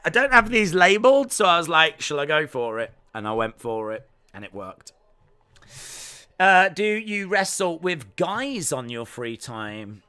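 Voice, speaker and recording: A man's voice: on the high side, big pitch swings, measured pace, bright, forceful tone, clear, resonant tone. An English man with a Midlands accent hosting a live watch-along stream, reading chat aloud and teasing viewers with jokes. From England. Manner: joking, teasing banter.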